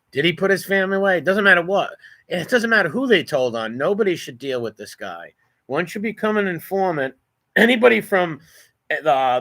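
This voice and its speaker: A man's voice: medium pitch, bright, forceful tone. A man hosting a reaction commentary, blunt, profane and mocking. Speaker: commentary channel host.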